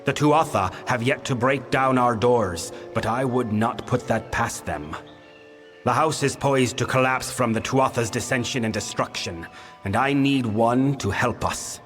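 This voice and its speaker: A man's voice: mid-range voice, measured pace, a bit bright, lightly acted. An actor playing a weary ancient winter fae king in a video game, speaking in a grave, formal, commanding way. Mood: solemn. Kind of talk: video game character dialogue. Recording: long reverb with game music.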